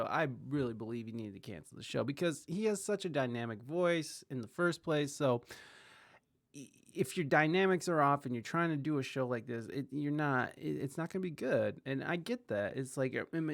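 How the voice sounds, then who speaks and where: A man's voice: mid-range voice, creaky. A man hosting a livestream, chatting casually and rambling with plenty of swearing as he reacts to clips. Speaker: livestream host. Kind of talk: casual chat.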